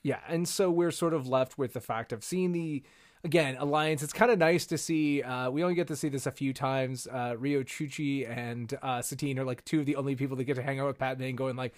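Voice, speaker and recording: A man's voice: mid-range voice, fairly even intonation, fairly quick, no room sound, clean studio sound. A man co-hosting a podcast in casual chat, thinking aloud with plenty of fillers. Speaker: podcast co-host.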